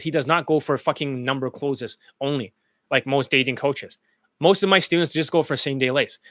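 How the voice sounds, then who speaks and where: A man's voice: mid-range voice, moderate pace, a bit bright, no echo. Blunt, profane male coach, dry mic. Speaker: dating coach. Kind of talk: casual commentary over student testimonials.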